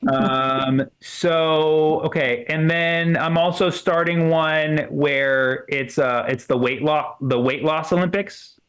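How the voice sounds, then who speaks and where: A man's voice: on the high side, steady tone, slow, hardly any pauses, fairly bright tone. A man doing a loose, rambling stand-up comedy set in a comedy club, full of fillers and restarts.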